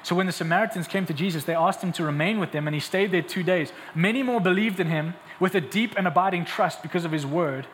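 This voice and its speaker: A young male pastor preaches in a high, bright-edged voice. He moves between relaxed, chatty asides and emphatic, rising calls to the congregation. His voice rings out with a long hall reverb over a faint background hiss. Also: quick pace, hardly any pauses. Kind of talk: sermon.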